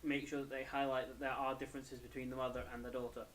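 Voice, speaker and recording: A man's voice: medium pitch, level tone, fast, fairly bright tone, a little hiss or hum. A young man, tired and yawning, casually reviewing an anime episode in a rambling, self-correcting way.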